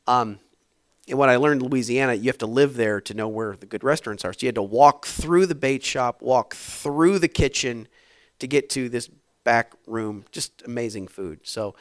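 A man preaching a sermon, telling a story in a loose, conversational way, with fillers and restarts and sudden swings between quiet asides and loud bursts. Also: medium pitch, moderate pace, no room sound, clean studio sound.

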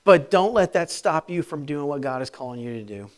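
Emphatic male preacher, hushed to booming. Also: very animated, a little fast. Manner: swings from hushed to loud, rising emphatic preaching; laughs between phrases, speaks in quoted inner voices. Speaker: pastor. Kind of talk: sermon.

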